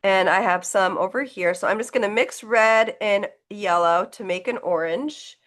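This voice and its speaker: A woman's voice: medium pitch, normal speed, fairly bright tone. A woman leading a live online painting class, talking through each step in a chatty, encouraging way as she demonstrates. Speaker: painting instructor.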